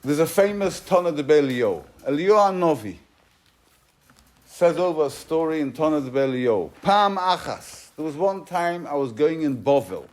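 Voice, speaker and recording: A man with a somewhat high voice gives a Torah class as a rabbi. He retells an old story emphatically, his loudness swinging from hushed to forceful. He weaves Hebrew and Yiddish terms through his English. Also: sing-song, normal speed. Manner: emphatic, swings between loud and soft. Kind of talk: sermon.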